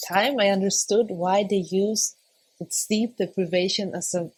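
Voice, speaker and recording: A young woman, a podcast guest, talking casually and hesitantly, often searching for words and laughing softly between thoughts. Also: mid-range voice, measured pace, slightly rough. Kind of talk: casual conversation.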